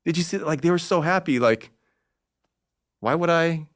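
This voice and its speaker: A man impersonating a cheerful elderly male comics legend, with a gentle, delighted manner. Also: on the high side, normal speed, voice pushed up, natural voice.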